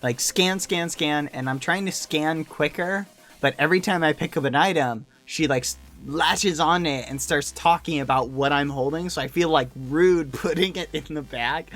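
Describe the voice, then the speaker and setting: Man, casual storyteller, slightly high voice, chatty filler-heavy delivery. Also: moderate pace. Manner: animated, lots of "like" and "you know" fillers. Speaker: YouTuber telling a story.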